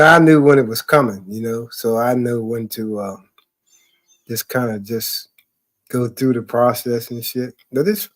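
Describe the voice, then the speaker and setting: A man's voice: medium pitch, a little mellow. A man telling loose, profane stories in casual chat, rambling with fillers and laughing often. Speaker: podcast talker.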